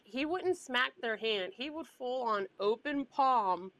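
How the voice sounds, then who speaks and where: A woman co-hosting a casual podcast, her voice pitched a little high and recorded close with a dry, dead sound. She rambles through family stories and laughs often. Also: lively intonation, slow, fairly bright tone, dry recording. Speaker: podcast co-host. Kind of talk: casual chat.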